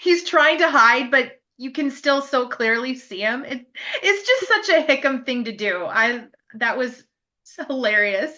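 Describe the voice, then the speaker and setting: A woman co-hosting a casual podcast, her voice bright and a touch high, laughing often as she gushes over a TV episode. The recording sounds a little muffled and lo-fi. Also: expressive, measured pace. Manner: laughs often, enthusiastic, lots of agreeing murmurs. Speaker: podcast co-host. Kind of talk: casual TV episode review chat.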